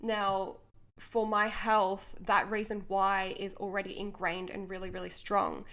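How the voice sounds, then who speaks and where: A woman's voice: mid-range voice, little pitch movement, unhurried, a bit bright. A young woman hosting her own podcast as a coach, talking unscripted in an earnest, passionate way and laughing between thoughts. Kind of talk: unscripted motivational podcast monologue.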